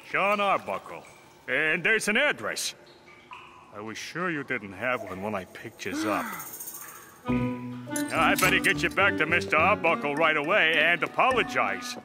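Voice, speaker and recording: A man's voice: a little high, sing-song, normal speed. An actor playing a brusque male dogcatcher in a cartoon. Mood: apologetic. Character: gruff male dogcatcher on his rounds. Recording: music bed under dialogue.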